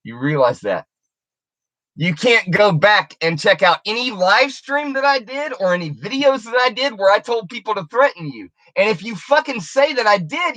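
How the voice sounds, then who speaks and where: A woman rants into her camera, confrontational and full of curses. Her voice is bright and tense, with a lively pitch that jumps around. The sound is dry and close. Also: no room sound. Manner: profane, confrontational, taunting. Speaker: YouTuber. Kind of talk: angry video rant.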